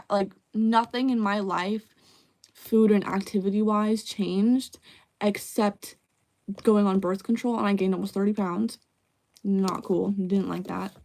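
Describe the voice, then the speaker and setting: A woman's voice: mid-range voice, steady tone, measured pace, mellow. A young woman streaming live, chatting casually and candidly, swearing freely. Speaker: livestreamer. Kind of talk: casual livestream chat.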